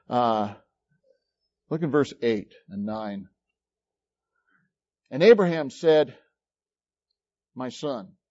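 A man's voice: medium pitch, darkish tone, dry recording, dull audio. A man preaching a sermon, retelling a scripture passage with dramatic storytelling and shifting emphasis.

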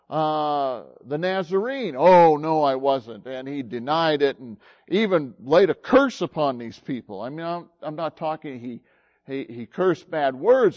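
A man preaching a sermon, retelling a story slowly and haltingly with many pauses and fillers. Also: a little high, a little mellow, dull audio.

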